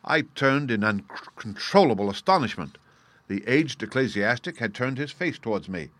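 This is scripted audiobook narration by a man with a mid-range voice, delivered in a measured, even storytelling manner with no room sound.

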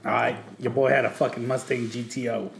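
A man's voice: mid-range voice, fairly quick, gravelly, reverberant, over a noisy crowd. A man hosting a casual chat, telling a story with lots of swearing and laughter. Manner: profane, animated, laughing storyteller.

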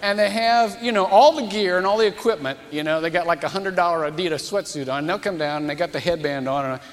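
A male pastor delivers a storytelling sermon in a casual, folksy and animated way. His voice sits slightly high. A long reverb from a church sanctuary trails behind each phrase. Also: fast talker.

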